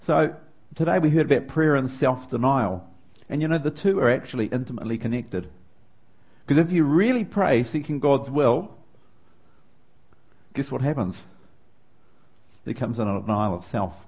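A man's voice: medium pitch, lively intonation, normal speed, long pauses, a little mellow, breathy edge. A middle-aged man from New Zealand with a New Zealand accent, preaching a sermon and telling a personal story with growing feeling. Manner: personal storytelling with rising emotion.

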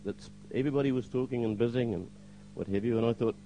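A man's voice: medium pitch, fast talker, hardly any pauses, warm tone, highs cut off, a little hiss or hum. An older man giving a spoken testimony to a church congregation, hesitant with fillers, now and then acting out the lines he quotes.

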